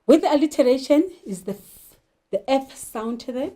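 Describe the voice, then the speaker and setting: A woman teacher explaining poetry and literature terms, slowly asking questions and answering them herself. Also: high voice, expressive, dark tone. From South Africa. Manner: slow, deliberate, poses questions then answers them. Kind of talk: literature lesson.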